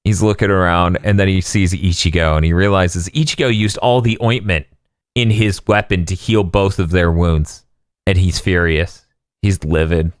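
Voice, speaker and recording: A man's voice: low-pitched, steady tone, moderate pace, dry recording, studio quality. A man hosting a podcast, recapping an episode casually with frequent laughter and swearing. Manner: laughing, profane storytelling. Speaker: podcast host.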